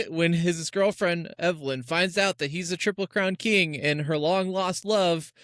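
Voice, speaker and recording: A man co-hosting a podcast in casual chat, laughing often and chiming in with quick jokes. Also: high-pitched, fairly bright tone, no echo, clean studio sound. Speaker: podcast co-host.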